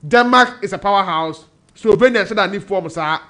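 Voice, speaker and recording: A man's voice: high-pitched, moderate pace, bright, forceful tone. A man with a Ghanaian accent analysing football on a radio sports panel, switching between Twi and English and reeling off team names. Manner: mixes Twi and English, lists teams in bursts.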